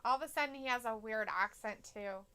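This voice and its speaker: A woman co-hosts a casual live stream, reading viewer comments aloud and reacting bluntly, swearing freely. Her voice is bright and crisp, and it sits a little high. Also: a little fast. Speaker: co-host reading chat.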